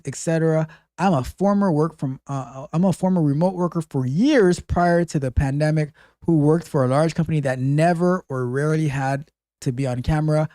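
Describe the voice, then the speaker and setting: A man hosting a casual call-in tech advice show, talking in an animated, emphatic way and often repeating himself. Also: on the high side, no echo, studio quality. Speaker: host.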